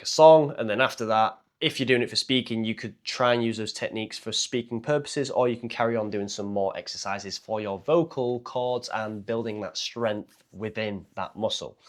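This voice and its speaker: Man, speaking coach, vlog talk, blunt, sweary, self-mocking, mid pitch. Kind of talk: casual direct-to-camera talk.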